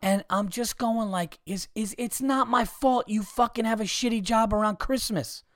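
A man hosting a podcast, telling stories in a profane, animated comedic rant with frequent restarts. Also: high-pitched, moderate pace, no room sound, clean studio sound. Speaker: podcast host.

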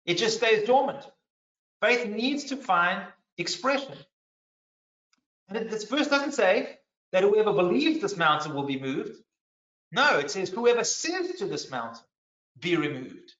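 A man with a high, bright voice preaches in a sermon. He is earnest and emphatic, and he repeats and restarts phrases as he drives his point. The sound is roomy and a little dull. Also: sing-song, unhurried. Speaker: pastor.

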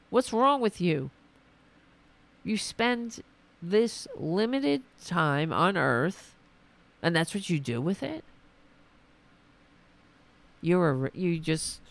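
Indignant woman with a gravelly voice. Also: lowish voice. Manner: indignant, scolding, swears, talks to her dog aside. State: losing her voice. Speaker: podcast host. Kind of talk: ranting political commentary.

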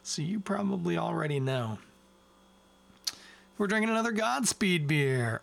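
A man's voice: high voice, lively intonation, measured pace, creaky, long pauses, fairly bright tone. A man hosting a beer podcast, talking casually in a rambling, chatty way with self-mocking asides. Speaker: podcast host reviewing beer. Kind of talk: casual chat, tasting review.

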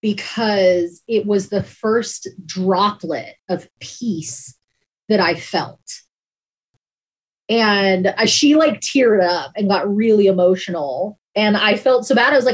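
A woman emergency dispatcher tells her own story in an interview, her voice sitting at an ordinary middle pitch. She speaks candidly and with emotion, leaning on "like" as she works through her thoughts. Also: slow pace, low-quality recording.

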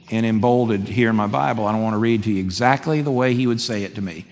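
A man preaching a sermon as a pastor, conversational and animated. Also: mid-range voice, fast, few pauses. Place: church sanctuary. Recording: long hall reverb, faint background noise.

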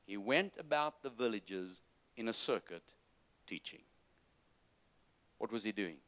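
A man preaching a sermon, moving between loud, urgent exhortation and soft, low-voiced asides to the congregation. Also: expressive, measured pace. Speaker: pastor.

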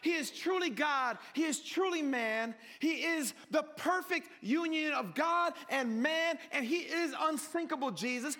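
Guy preaching a sermon, really high voice, sharp and bright, jokey, keeps calling everyone family. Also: measured pace, few pauses. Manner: animated and joking, calls the listeners "family"; swings from hushed to loud.

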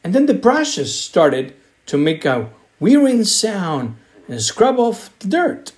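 Slow, sing-song man reading a story. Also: high-pitched, wildly swooping pitch, darkish tone. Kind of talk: children's story read aloud.

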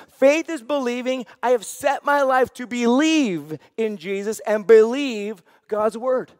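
A man's voice: very high voice, unhurried, few pauses, a little mellow, dry recording, clean studio sound, long reverb tail. A man preaching a sermon as senior pastor, earnest and repeating phrases for emphasis.

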